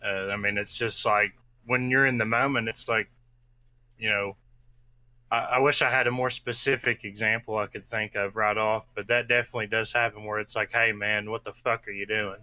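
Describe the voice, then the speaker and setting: A firefighter chatting on a podcast, searching for his words with many pauses. His voice sits low but sounds very bright and forward. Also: fairly even intonation. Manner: hesitant, halting. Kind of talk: casual podcast chat.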